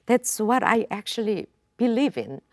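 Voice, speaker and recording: A woman who is a native Korean speaker, speaking English with a Korean accent as a panelist in a studio roundtable, measured and deliberate. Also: fairly high pitch, very animated, no echo. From South Korea. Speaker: panelist, voice teacher. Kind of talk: roundtable discussion. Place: video studio.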